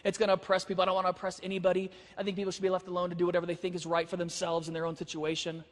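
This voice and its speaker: A man quoting a calm, noncommittal young man who speaks softly and reasonably. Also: sits high, very fast, in a large hall, lightly acted. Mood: earnest.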